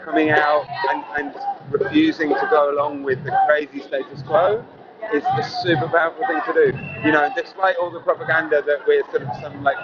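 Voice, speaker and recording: Earnest activist man, loud street noise. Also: a little high, steady tone, brisk, dull audio. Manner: earnest, rambling, heavy use of "you know". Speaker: climate activist interviewee. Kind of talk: street interview at a protest march. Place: outdoors at a street march.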